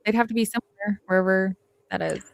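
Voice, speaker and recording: A woman's voice: mid-range voice, quick pace, creaky, dry recording. A woman hosting a casual true crime discussion, talking emphatically and rambling, swearing for emphasis.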